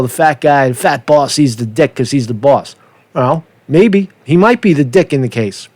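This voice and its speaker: A man's voice: fairly high pitch, dry recording. A man hosting a rambling livestream, swearing often and repeating himself, ending his lines with "man". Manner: swearing, fast and animated, repeats himself, says "man" a lot. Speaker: livestream host. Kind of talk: rambling casual livestream talk. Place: street in a big city.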